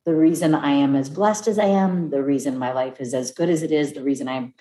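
A woman in her fifties talking casually and warmly about marriage, acting out other people's voices as she tells stories. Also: sits low, brisk. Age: 50s. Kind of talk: casual heartfelt conversation. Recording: echoey room.

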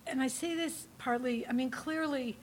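A woman's voice: high-pitched, normal speed, a little hiss or hum. A woman telling her story casually to a live audience, rambling and laughing often, with lots of fillers. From New Hampshire. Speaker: speaker giving a testimony talk.

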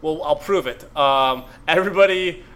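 Male podcast co-host, a bit high and smooth, rambling jokey chat full of fillers. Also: normal speed, fairly bright tone. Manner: rambling, joking, filler-heavy. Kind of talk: casual chat.

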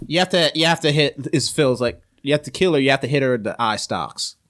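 A man's voice: mid-range voice, lively intonation, fast talker, a bit bright. A man narrating a tabletop role-play as game master, laughing often and slipping into monster voices.

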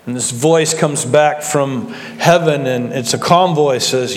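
A man preaches from the pulpit, his somewhat high voice carried by a long church reverb. He tells stories in a folksy manner and slows down for emphasis. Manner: folksy storytelling with slow, deliberate emphasis. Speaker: pastor. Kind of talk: sermon.

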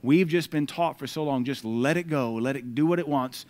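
This sermon comes from a man with an American accent and a mid-range voice, moving at a moderate pace. He reads the verses in loud, forceful bursts, then eases into chatty asides between them.

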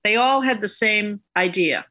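A woman's voice: medium pitch, measured pace, sharp tone. A middle-aged woman, telling a court story as a guest in a chatty, digressive way. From Boston. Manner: chatty, digressive, laughs at the absurdity. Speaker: guest recounting a court case. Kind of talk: casual storytelling interview.

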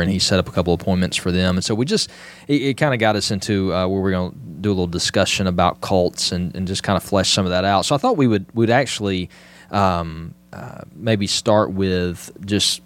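Deep-voiced male co-host, halting and filler-heavy, casual chat tone. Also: steady tone. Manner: hesitant, many fillers and restarts when leading a segment. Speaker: podcast co-host.

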